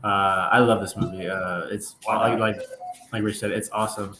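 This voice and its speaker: A man on a panel in a casual movie podcast, speaking in a relaxed, meandering way. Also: lowish voice, normal speed, noisy background. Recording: roomy echoey mic.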